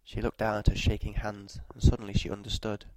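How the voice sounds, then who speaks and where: Male narrator, dark and mellow tone, flat and measured, for a scripted story read. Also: on the low side, no room sound, low-quality recording.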